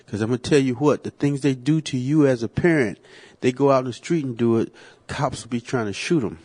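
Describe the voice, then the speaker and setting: A man's voice: mid-range voice, a little fast, a little mellow. A man co-hosting a podcast in casual chat, blunt and opinionated with lots of slang and swearing. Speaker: podcast co-host.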